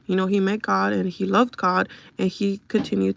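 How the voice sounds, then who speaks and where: A woman's voice: medium pitch, level tone, moderate pace, gravelly, few pauses. A young woman livestreaming from home on her phone, chatting casually and confidingly with viewers and bluntly brushing off trolls.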